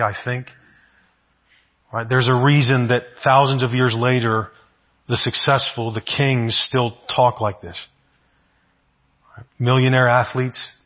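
Male pastor, husky, earnest sermon delivery, muffled lo-fi sound. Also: medium pitch. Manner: earnest, repeats words, asks "right?" often.

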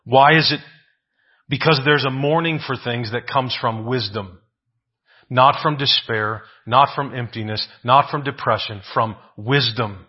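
Male preacher, sermon, husky voice, rhetorical questions, muffled lo-fi sound. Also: medium pitch, unhurried. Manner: rhetorical questions, frequent "right?"; repeats phrases for emphasis.

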